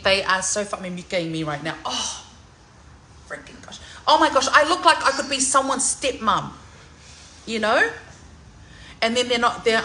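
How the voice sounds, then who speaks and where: A woman, chatting excitedly in a salon vlog, loud, laughing and swearing freely. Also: medium pitch, slight background noise, rough recording. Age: 40s. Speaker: singer.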